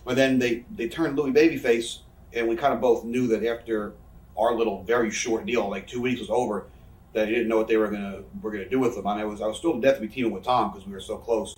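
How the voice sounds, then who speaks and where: A man's voice: lowish voice, steady tone, quick pace, distant mic. A man, telling rambling, profane backstage stories in a casual interview. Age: 30s. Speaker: interview guest, wrestler. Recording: echoey room, off-mic.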